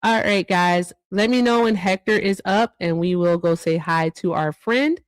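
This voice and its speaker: A woman's voice: on the low side, unhurried, no room sound. A woman co-hosting a livestream show, chatting casually and reading out viewer thank-yous with asides. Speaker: livestream co-host.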